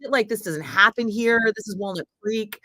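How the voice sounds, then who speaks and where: A woman in her forties, a radio host, telling a story in casual chat, animated, swearing freely and acting out the people she quotes. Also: mid-range voice, moderate pace, dry recording, rough recording. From Northern California.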